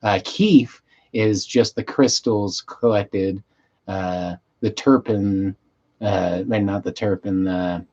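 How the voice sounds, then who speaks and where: A man hosting a casual livestream, high and rambling, swearing freely and losing his train of thought as he reads chat aloud. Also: slow, darkish tone, muffled recording. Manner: loose, meandering, self-interrupting, stoned and swearing. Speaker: livestream host.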